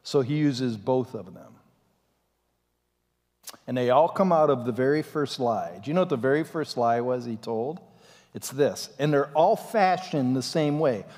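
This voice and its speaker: A man preaching a sermon as pastor, in an animated and dramatic way, in a church sanctuary. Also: mid-range voice, measured pace. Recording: long reverb in a church hall.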